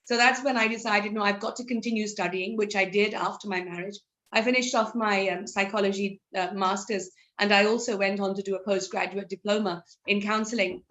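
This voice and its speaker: A woman's voice: medium pitch, steady tone, fairly quick, fairly bright tone. A middle-aged woman counselor talking openly and chattily in an interview, laughing easily. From India. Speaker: psychology counselor. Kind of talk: interview conversation.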